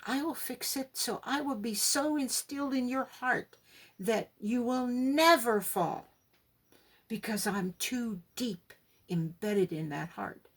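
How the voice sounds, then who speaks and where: A woman voicing God as a gentle, reassuring male figure who speaks softly and slowly. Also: fairly high pitch, slightly rough, full character voice. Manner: soft, hushed and slow.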